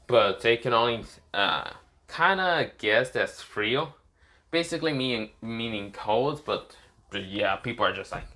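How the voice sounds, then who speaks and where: A man's voice: medium pitch, fairly bright tone. A man casually telling an improvised fan story, rambling and correcting himself with many fillers.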